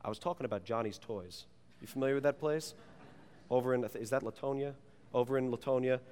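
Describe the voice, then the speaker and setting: Playful pastor preaching in an echoing hall. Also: male voice, mid-range voice, a little fast. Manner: animated, playful storyteller. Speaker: youth pastor. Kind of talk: sermon with personal storytelling. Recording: long reverb of a large hall.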